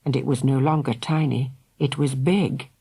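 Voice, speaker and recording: A woman narrating a children's audiobook in a dramatic, expressive way. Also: very deep voice, moderate pace, creaky, husky. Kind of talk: scripted narration.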